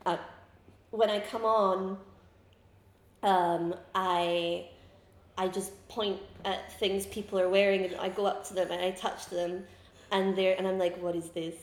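A young woman in her twenties tells rambling, animated stories in casual chat, often breaking into giggles. Her voice sits at a middling pitch, and it carries a noticeable echo from the room. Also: measured pace, pauses often. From Scotland. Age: 20s. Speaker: comedian guest.

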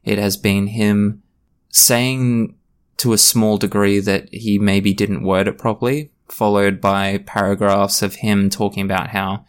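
A man's voice: on the low side, little pitch movement, measured pace, clear, resonant tone. A man hosting a solo podcast, talking in a blunt, passionate, ranting way. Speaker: podcast host.

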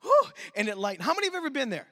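A man preaching a sermon at a church service, telling stories in an animated, emphatic way as a youth pastor. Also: high voice, rapid-fire. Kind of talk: sermon storytelling.

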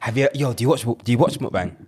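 Young man, podcast co-host, quick rambling banter. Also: mid-range voice, a little mellow, breathy edge. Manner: rambling, laughs often, trails off mid-sentence. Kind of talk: casual banter.

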